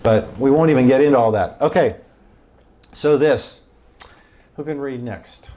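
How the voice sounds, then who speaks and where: With a medium-pitched voice and a measured pace, a pastor runs a Bible study, and the audio is dull. His teaching is casual and full of jokes as he quizzes the group animatedly and performs voices from the story.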